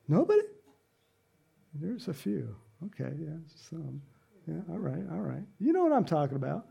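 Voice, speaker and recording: A man's voice: fairly high pitch, gravelly, breathy edge. A man preaching a sermon, telling the story dramatically with asides and questions to the congregation.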